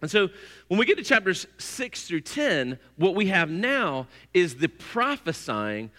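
A middle-aged man, preaching a sermon in a church and telling stories with lively, acted-out voices. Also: high voice, measured pace. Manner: lively storytelling, acts out voices. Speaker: pastor. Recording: long hall reverb.

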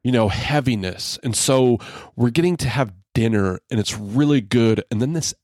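A man's voice: mid-range voice, moderate pace, darkish tone, no echo, clean studio sound. A man co-hosting a podcast in casual chat, telling stories and agreeing, while he has the hiccups. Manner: chatty, agreeing, storytelling. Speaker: podcast co-host.

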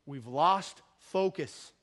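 A middle-aged man preaches in a high, light voice, keeping the sermon conversational and personal. He mixes humor with earnest appeals and swings between quiet asides and loud, emphatic bursts. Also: expressive, drawn-out words. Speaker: pastor.

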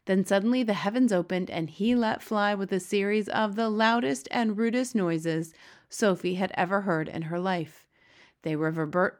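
A woman narrating a children's storybook aloud in a steady, expressive read-aloud manner. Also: medium pitch. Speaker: audiobook reader.

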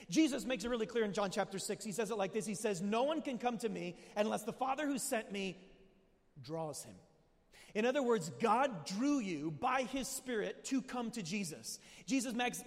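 A man preaching a sermon to a live audience, emphatic and full of questions to the crowd, rising to shouts. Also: sits high. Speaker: pastor. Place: large hall with audience. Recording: long hall reverb.

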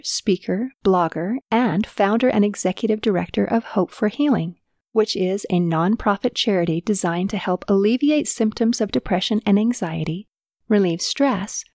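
An older woman hosting her own podcast and reading aloud from her memoir in a calm, measured way. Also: medium pitch, no echo, clean studio sound. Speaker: podcast host and author.

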